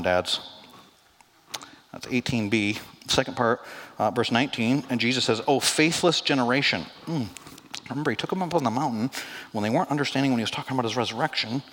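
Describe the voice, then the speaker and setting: A man preaching a sermon as pastor, conversational and animated, acting out quoted lines with asides. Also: medium pitch, brisk, long pauses, a little hiss or hum. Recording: long hall reverb.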